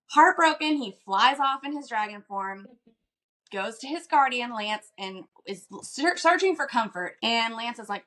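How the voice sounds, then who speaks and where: Podcast lady retelling a book plot, kinda high voice, chatty, quick quotes in a lower voice. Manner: lively storytelling, quick paraphrased quotes in a lowered voice. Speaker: podcast co-host. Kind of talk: casual book recap.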